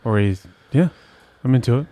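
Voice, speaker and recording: A man's voice: medium pitch, expressive, moderate pace, warm tone, no room sound. A man co-hosting a podcast, chiming in with short agreeing replies and crude jokes. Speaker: podcast co-host. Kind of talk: casual comedic banter.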